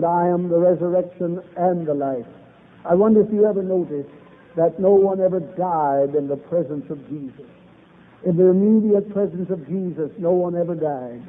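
A man preaching a revival sermon, opening with a prayer, in an old-fashioned preaching cadence with biblical phrasing. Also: high-pitched. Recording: tinny phone-like old recording.

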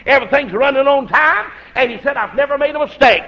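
A man's voice: extremely high pitch, fast talker, hardly any pauses. A middle-aged man with a Southern US accent and a sore throat, preaching a folksy, fervent revival sermon on a dull lo-fi recording. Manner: folksy storytelling, fervent, rising to shouts.

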